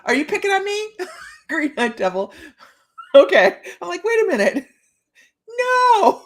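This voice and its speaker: A woman in her fifties with a gravelly edge to her voice, hosting a live psychic reading stream. Her pitch swings up and down as she talks, playful and chatty, breaking into laughter and teasing her viewers as she goes. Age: 50s.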